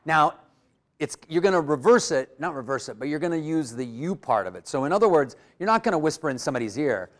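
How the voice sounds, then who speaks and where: A man giving a live motivational workshop in a room full of people, energetic and coaching the audience with direct prompts. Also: fairly high pitch, normal speed, pauses often. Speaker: workshop speaker.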